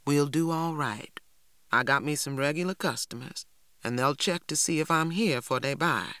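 A woman reading aloud voices a stern elderly grandmother, gruff and firm. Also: normal speed, bright, forceful tone, no echo, clean studio sound. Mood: matter-of-fact. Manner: gruff, scolding, low.

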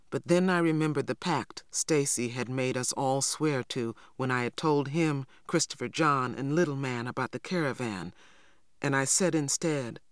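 An audiobook narrator reading a first-person novel in a measured, even storytelling manner. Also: mid-range voice, no room sound, studio quality.

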